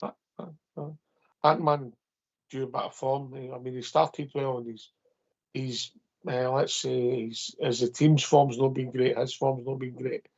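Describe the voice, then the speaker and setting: A chatty Scottish man hosting a football phone-in, his voice gravelly and grainy. He keeps it casual with fillers and easy laughs. The sound is dull and lo-fi. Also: mid-range voice, little pitch movement, unhurried. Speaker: radio phone-in host.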